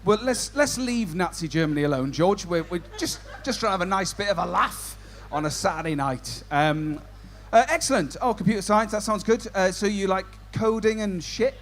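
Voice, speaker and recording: A man's voice: sits high, animated, moderate pace, few pauses, a bit bright, soft background music. A man compering a stand-up comedy show, doing cheeky banter with the audience. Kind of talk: crowd work stand-up.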